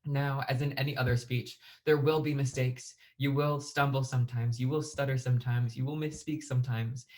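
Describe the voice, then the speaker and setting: A young man giving a plain, even lesson on speech delivery as a debate instructor. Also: mid-range voice, moderate pace, hardly any pauses. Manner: plain, even delivery with occasional fillers and restarts. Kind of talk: explanatory lesson.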